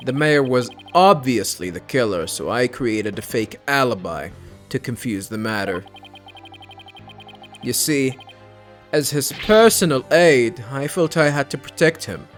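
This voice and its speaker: A man reads out a vain, pompous male witness from a courtroom game, lofty and dismissive. The delivery is slow and unhurried, with a lively, swooping pitch. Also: faint music behind, close to an everyday voice. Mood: haughty. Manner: haughty, dismissive.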